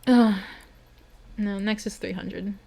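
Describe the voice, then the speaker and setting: A woman's voice: medium pitch, fairly even intonation, slow, creaky, mellow. A young adult woman streamer reading a bedtime story and chatting with her viewers, earnest and emotional.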